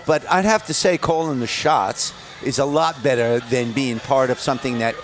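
Older american rocker guy telling stories outdoors at a festival, swears a lot, pretty animated. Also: mid-range voice, moderate pace. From United States. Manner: candid, profane, animated when telling stories. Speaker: interview guest, rock singer. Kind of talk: casual interview storytelling.

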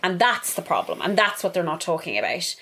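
A woman's voice: fairly low pitch, sing-song, brisk, fairly bright tone. A woman with an Irish accent, co-hosting a casual chat and talking heatedly, swearing and acting out what others say. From Ireland. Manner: heated, swearing, acts out quotes.

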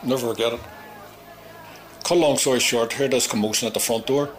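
A man's voice: mid-range voice, a little fast, slight background noise. Profane Belfast man telling a story. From Belfast, Northern Ireland. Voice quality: blunt, profane, animated retelling with acted-out quotes. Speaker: interviewee recounting his past. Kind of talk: vivid storytelling, heavy swearing.

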